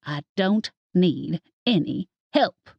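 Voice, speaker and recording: Woman voicing a curt, secretive old witch grandmother, low-pitched and gruff, with a dry close sound. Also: animated, slow pace, no echo, dull audio, heavily acted. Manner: clipped and curt.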